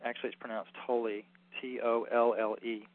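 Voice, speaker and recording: A man's voice: mid-range voice, level tone, fast, no echo. A man giving a rambling, earnest informal lecture as a healing workshop teacher, full of fillers. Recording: tinny phone-like recording.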